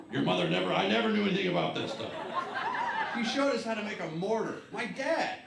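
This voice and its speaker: A man in his fifties from the United States doing a stand-up comedy set, telling rambling, wry stories and shouting his punchlines. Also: sits high, sing-song, fairly quick. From USA. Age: 50s. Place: comedy club stage. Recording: echoey live club, clear background noise.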